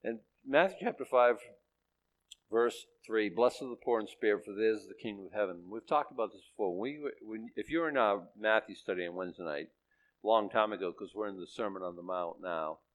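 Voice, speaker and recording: A man's voice: on the low side, fairly quick. A man preaching a sermon as pastor, conversational and plain-spoken, rising to emphatic peaks.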